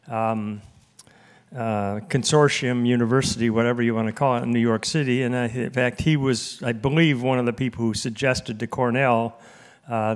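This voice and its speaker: A man in his seventies, an emeritus professor giving a conference talk to a live audience in an auditorium, telling a self-deprecating anecdote in a relaxed way. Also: medium pitch. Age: 70s. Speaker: guest speaker, emeritus professor.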